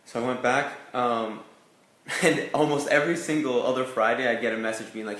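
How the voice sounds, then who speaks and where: A man's voice: medium pitch, steady tone, normal speed, a bit bright, roomy sound. A young man from Canada, an actor telling his career story in a casual interview, full of "like" and "you know". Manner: chatty, lots of "like" and "you know" fillers. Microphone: video call.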